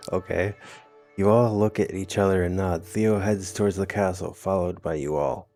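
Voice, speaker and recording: A man's voice: low voice, fairly even intonation, moderate pace, warm tone, faint music behind. A man reading a text adventure game aloud, adding wry, amused comments of his own. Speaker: gamer.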